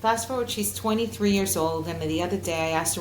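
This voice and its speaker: A woman in her forties speaks as an interview guest, earnest and heartfelt, her voice sitting a little low. Her talk is loose, full of fillers and restarts. The room rings with echo, and a faint hiss sits under her. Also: a little fast, hardly any pauses. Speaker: guest clinical social worker. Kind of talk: conversational interview. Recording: roomy echo.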